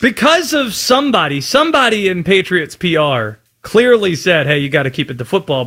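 A man co-hosting a sports talk show, arguing his points in a casual, quick back-and-forth. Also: sits high, a bit bright. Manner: argumentative, quick asides. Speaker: sports podcast co-host.

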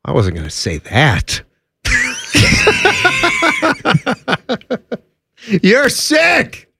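Animated, laughing male sports talk host. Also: extremely high pitch, vocal fry, slight background noise. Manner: animated, laughs often, quick asides.

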